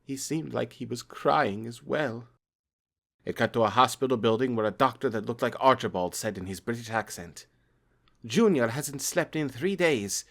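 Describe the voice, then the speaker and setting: A man's voice: medium pitch, normal speed, vocal fry, a bit bright. Man reading a creepy story aloud. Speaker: creepypasta narrator.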